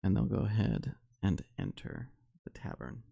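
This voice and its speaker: A man narrating a solo tabletop game as game master, unhurried and full of fillers. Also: low voice, wildly swooping pitch, creaky, warm tone, breathy edge, no room sound, highs cut off.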